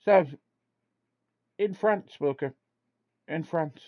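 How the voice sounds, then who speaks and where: Laughing podcast host, dull lo-fi sound. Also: male voice, fairly high pitch, takes it slowly, dry recording. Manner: laughs often, swears casually, reads aloud from a web page. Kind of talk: casual chat.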